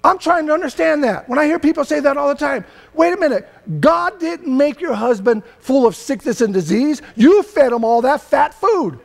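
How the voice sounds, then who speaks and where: Older california preacher guy, really high voice, chatty sermon that gets loud and shouty. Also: expressive, normal speed, vocal fry, few pauses. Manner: loose, conversational preaching that swells into emphatic shouting. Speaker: pastor.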